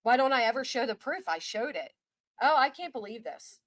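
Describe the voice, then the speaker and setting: This is a woman hosting a casual livestream chat. She talks in an indignant, ranting way. Her voice sits a little high, and the sound is dry and close. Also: sing-song, brisk, no echo. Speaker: livestream host.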